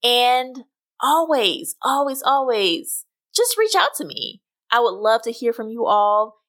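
A woman hosting a podcast and narrating her own fiction. Her voice is bright and fairly high, with a lively pitch that rises and falls. She reads slowly and expressively. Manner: expressive, animated reading. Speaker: podcast host. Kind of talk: scripted story narration.

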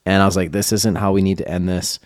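Low-voiced man telling a story on a podcast. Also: little pitch movement, fast talker, a little mellow, no room sound, studio quality. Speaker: podcast co-host. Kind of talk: casual chat. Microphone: studio mic in an office.

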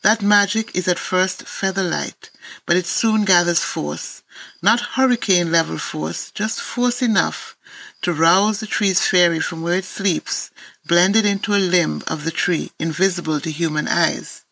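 A woman's voice: lowish voice, unhurried, vocal fry, a bit bright, rough recording. A woman from Antigua with an Antiguan accent, an author reading her own children's picture books aloud in lilting storybook narration.

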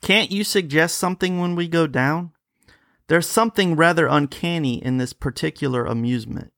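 A man's voice: on the high side, moderate pace, gravelly, fairly bright tone, dry recording, clean studio sound. A man reading a ghost story aloud, voicing a talkative, uneasy upper-class woman at a country-house party. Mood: uneasy, chatty.

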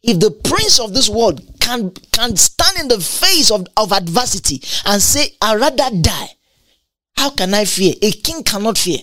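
A woman's voice: mid-range voice, very animated, moderate pace, hardly any pauses, pushed and bright, no echo. A woman preaching a sermon, emphatic and repetitive, asking rhetorical questions and laughing between points.

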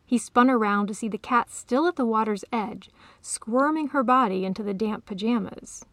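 Woman storyteller with a gravelly voice. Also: fairly high pitch, moderate pace, fairly bright tone, no room sound. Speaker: author and storyteller. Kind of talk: storybook narration.

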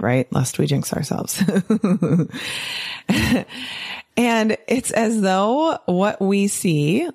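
A woman giving an animated, casual monologue to fellow doctors, often tagging her points with "right?" and laughing. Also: lowish voice. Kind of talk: casual podcast-style monologue.

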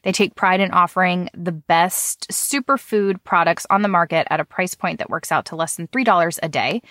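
A woman's voice: on the low side, normal speed, fairly bright tone, no echo. A woman in her thirties chats easily as a podcast host, her voice slightly nasal from a cold and full of casual fillers. The recording is close and dry, with no room sound. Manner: chatty, with fillers and light laughs. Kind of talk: casual podcast chat with a sponsor read.

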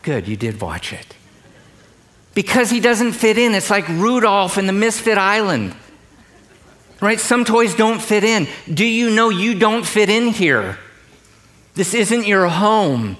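A middle-aged man preaches from a church platform. His voice sits a little high, and he talks to the congregation in a loose, conversational way, teasing them between points. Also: a bit bright. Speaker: pastor. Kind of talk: sermon.

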